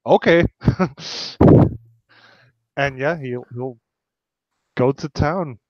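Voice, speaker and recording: A man playing a tabletop role-playing game, speaking hesitantly with many halting restarts. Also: medium pitch, darkish tone, dry recording. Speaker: player. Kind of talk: casual tabletop play. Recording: dull, dry lo-fi mic.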